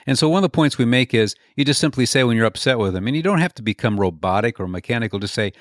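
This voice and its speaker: A man's voice: medium pitch, expressive, quick pace, few pauses, no room sound, clean studio sound. A man as an interview guest, an author and speaker explaining his ideas earnestly, often telling stories and repeating words as he builds a point. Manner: earnest, explains through stories and acted-out quotes. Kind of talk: conversational interview answers.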